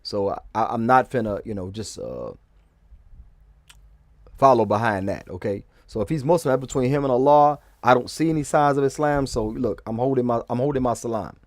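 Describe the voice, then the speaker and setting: A man's voice: medium pitch, lively intonation, fairly quick, no room sound. A man giving rambling casual commentary, restarting sentences and often checking "okay?". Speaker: vlogger.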